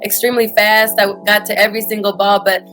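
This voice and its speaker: A woman's voice: medium pitch, little pitch movement, fast, fairly bright tone. Woman, Houston accent, thirties, tennis coach, earnest, lots of "you know", faint music behind. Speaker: high school tennis coach. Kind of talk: interview answers.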